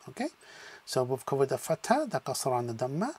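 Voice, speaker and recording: A man's voice: medium pitch, wildly swooping pitch, normal speed, a little mellow, slightly rough. A man teaching a beginners' language lesson, patiently sounding out syllables one at a time and then blending them into words, with frequent "okay" check-ins. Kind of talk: slow spoken lesson with drills.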